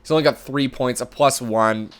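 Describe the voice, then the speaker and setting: A man's voice: mid-range voice, normal speed. A man giving casual commentary while playing a sports management game, thinking aloud in a chatty way. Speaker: gamer commentator.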